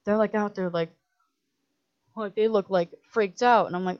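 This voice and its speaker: A woman who directs films, telling a story as a podcast guest in an animated, profane way, full of "like" and acting out what others said. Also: mid-range voice, a little fast. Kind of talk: casual storytelling in a podcast chat. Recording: muffled lo-fi audio.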